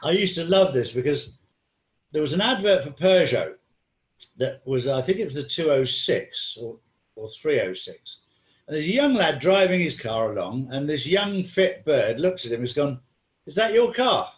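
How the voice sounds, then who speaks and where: A man talks in a loose, rambling way, full of ums and self-corrections. His voice sits fairly high for a man. The room around him sounds echoey. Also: very animated, normal speed. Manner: rambling storyteller with frequent ums and restarts. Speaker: guest. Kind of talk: casual conversation.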